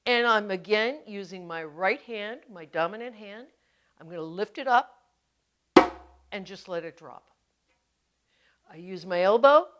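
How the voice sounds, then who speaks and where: Slow, patient woman drum teacher. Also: mid-range voice. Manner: gentle, patient step-by-step explaining. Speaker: hand drumming teacher. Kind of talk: instructional video demonstration.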